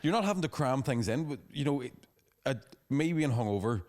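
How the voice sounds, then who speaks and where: A man's voice: medium pitch, lively intonation, darkish tone. A man, telling rambling, sweary stories as a podcast co-host in casual chat. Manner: fast, sweary storytelling with laughing asides.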